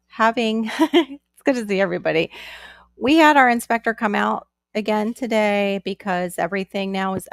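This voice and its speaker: A woman's voice: medium pitch, no echo, clean studio sound. A woman hosting a casual live stream from home, chatting in a rambling way and greeting viewers by name. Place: at home with her young son nearby.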